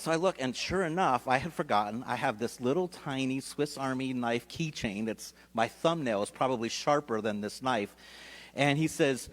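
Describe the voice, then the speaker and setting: A pastor telling a personal story in a sermon, talking casually and animatedly, with many restarts. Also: male voice, mid-range voice, lively intonation, normal speed. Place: church sanctuary.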